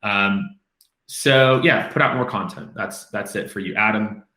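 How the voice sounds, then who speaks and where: Male host, 30s, loose rambling Q&A delivery, crisp bright tone, roomy echo. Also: lowish voice, unhurried. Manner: rambling, lots of fillers and restarts, casual swearing. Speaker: host answering viewer questions. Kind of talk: casual live Q&A. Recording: echoey room.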